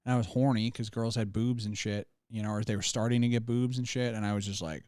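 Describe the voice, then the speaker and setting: Laid-back crude man, smooth voice. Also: lowish voice, fairly even intonation, fast talker, darkish tone, dry recording, clean studio sound. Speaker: podcast co-host. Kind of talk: casual chat.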